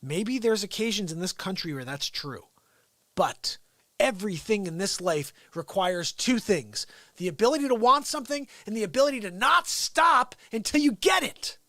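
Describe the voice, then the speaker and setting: A man's voice: high voice, lively intonation, moderate pace, sharp tone, no room sound, studio quality. A man hosting a daily livestream, ranting sarcastically and animatedly about politics from home. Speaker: livestream host. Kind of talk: unscripted political rant.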